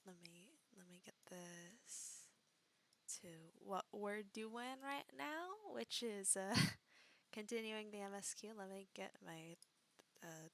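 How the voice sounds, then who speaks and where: A woman's voice: mid-range voice, slow, a bit bright. A woman streamer talking casually while playing a game, hesitant and full of fillers. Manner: hesitant, chatty, many fillers.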